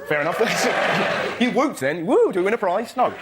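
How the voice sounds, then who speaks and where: A male comedian doing an animated stand-up bit. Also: sits high, normal speed. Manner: animated, shouty character voices. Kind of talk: stand-up routine. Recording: noisy studio.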